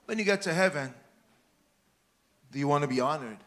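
A man preaching a sermon to a church, with rhetorical questions and dynamic swings from hushed words to shouting. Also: fairly high pitch, lively intonation, fairly quick.

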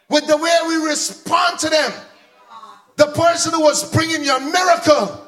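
Man, very high voice, animated sermon, shouted emphasis, questions to the congregation. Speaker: preacher.

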